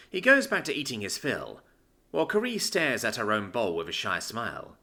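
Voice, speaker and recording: Lively, bright male story narrator. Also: fairly low pitch, moderate pace, soft background music. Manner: lively, expressive reading.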